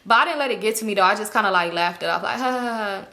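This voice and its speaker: A young woman casually telling a storytime in slangy, animated talk, acting out what people said. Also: mid-range voice, very fast, creaky. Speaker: storytime vlogger.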